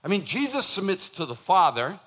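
A man who is a pastor preaching a sermon in church, animated and joking, acting out the voices he quotes. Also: high-pitched, fairly quick.

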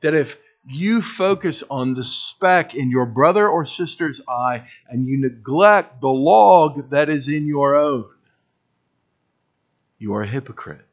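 Heard through a dull lo-fi recording, this male pastor speaks slowly in a fairly high, expressive voice. His sermon is earnest, builds to forceful high points, and includes self-deprecating humor.

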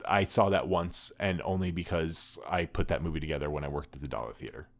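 Low-voiced man in casual podcast chat. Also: brisk, vocal fry. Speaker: podcast co-host.

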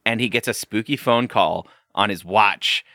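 A man co-hosting a podcast in casual, animated chat, swearing and laughing often. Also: on the low side, measured pace, dry recording, clean studio sound. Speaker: podcast co-host.

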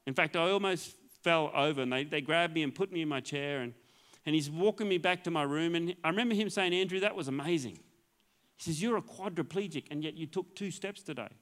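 A man's voice: fairly high pitch, brisk, a bit bright. A male pastor telling his healing testimony as a sermon, acting out the dialogue in a storytelling way and laughing often.

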